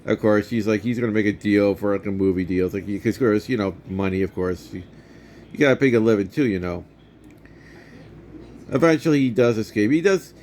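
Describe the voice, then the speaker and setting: A man's voice: fairly low pitch, brisk, a little mellow, a little hiss or hum. A man in his fifties casually retelling and reviewing a movie for his vlog, rambling with many restarts.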